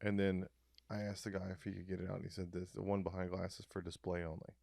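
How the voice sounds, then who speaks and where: Low-voiced guy cracking dark deadpan jokes on a couch podcast, dry close mic, rambles a lot. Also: quick pace, vocal fry, dry recording. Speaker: podcast co-host. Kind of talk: casual comedic chat.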